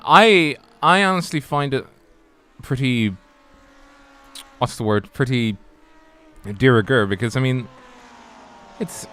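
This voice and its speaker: A man's voice: medium pitch, slow pace, pauses often, fairly bright tone. A man doing casual, rambling live sim racing commentary. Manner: rambling, chatty, lots of restarts. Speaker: race commentator.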